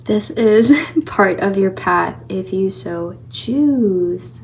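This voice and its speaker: A woman's voice: medium pitch, extremely slow, vocal fry, a little hiss or hum. A young woman giving a casual tarot reading, chatty and encouraging, a little out of breath and laughing often. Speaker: tarot reader.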